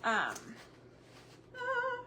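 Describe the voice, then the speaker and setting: A middle-aged woman chatting casually on a homemaking livestream, searching for words between fillers, her throat a bit hoarse. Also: very high-pitched, wildly swooping pitch, very slow, a little hiss or hum. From Texas. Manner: chatty, warm Southern drawl with frequent fillers and word searches.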